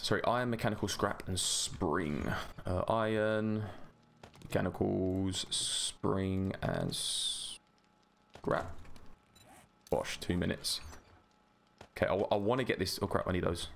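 A man's voice: low-pitched, creaky, a bit bright. A man with a London accent chatting casually on a live stream while playing a game, greeting viewers by name. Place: home gaming room.

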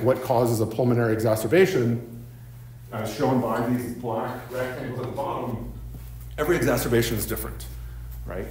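A man of medium pitch and darkish tone delivers a seminar lecture as a professor, often saying um and asking "right?" along the way. The setting is a university seminar room, and the recording has the echo of a lecture hall.

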